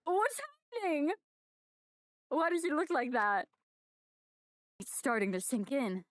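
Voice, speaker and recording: A woman reading aloud and commenting excitably on a game playthrough, swearing casually. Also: high voice, a little slow. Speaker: let's play streamer.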